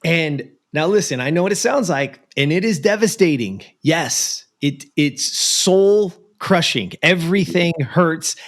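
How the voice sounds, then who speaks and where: A man from the United States, a coach, telling an animated personal story as a guest in an interview. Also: a little high. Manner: animated, acts out the voices of people in his story. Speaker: guest, productivity and life coach.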